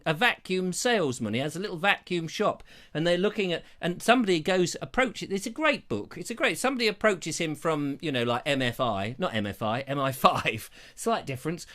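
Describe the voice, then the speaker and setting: Male live-show host, bright tone, theatrical rambling comic delivery. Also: expressive, fairly quick, few pauses. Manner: jokey, rambling, theatrical pitch swings. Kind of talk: live show chat, reading viewer comments. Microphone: lapel mic.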